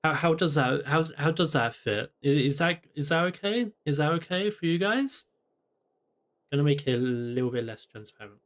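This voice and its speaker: A man's voice: fairly high pitch, animated, normal speed. A man streaming a video game, chatting playfully and teasing in-game characters, often repeating himself. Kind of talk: casual gameplay stream chat.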